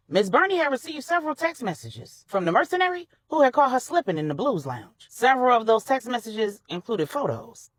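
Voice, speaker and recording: A woman narrating a grown-up bedtime story in a colloquial, animated way. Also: a little high, slightly rough, no echo, low-quality recording.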